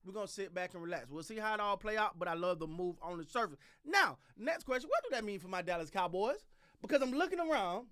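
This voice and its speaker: A man with a high, bright voice hosts his own football talk show. He speaks in an animated way, full of slang and repeated phrases. His voice swings up into sharp, excited bursts and drops low for emphasis. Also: quick pace. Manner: animated, repetitive, street slang, laughs. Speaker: sports channel host. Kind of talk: casual sports commentary.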